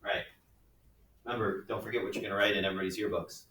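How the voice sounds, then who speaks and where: A man's voice: fairly low pitch, fairly even intonation, fast talker, pushed and bright, a little hiss or hum. A man teaching a math class, working problems aloud in a chatty, joking way. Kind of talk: classroom lecture. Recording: echoey classroom from far off.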